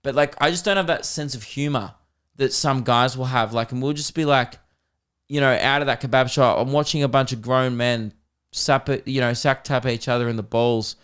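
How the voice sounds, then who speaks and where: An Australian man hosts a comedy podcast and tells rambling stories. He talks in a casual, animated way at an ordinary male pitch. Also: moderate pace, clear, resonant tone. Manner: rambling, animated, slips into voices.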